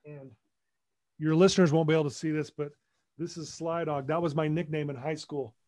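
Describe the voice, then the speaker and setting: Male podcast guest, emphatic animated storyteller; slightly high, warm tone, dry recording. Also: brisk, dry recording. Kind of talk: personal storytelling.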